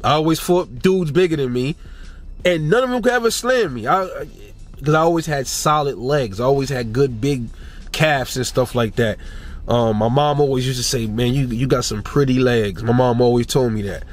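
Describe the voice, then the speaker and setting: A young man ranting and telling a casual story about fighting, swearing a lot and rising in pitch when he gets riled up. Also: normal speed. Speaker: boxing commentator.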